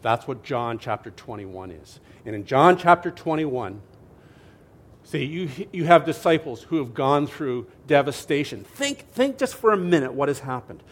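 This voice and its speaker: A male pastor delivers a sermon with a storyteller's energy, rising loud at big moments and dropping to a near hush at sad ones. His pitch sits in an ordinary middle range, and he keeps checking in with the room. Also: moderate pace. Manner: animated storyteller, swings from loud to hushed, asks "right?" often.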